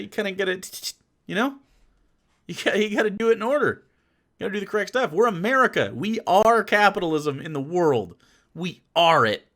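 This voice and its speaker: A man's voice: sits high, sharp tone. A young man streaming live, reacting to a video with sarcastic, rambling rants full of swearing. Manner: sarcastic, ranting, swearing often. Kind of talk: casual reaction commentary.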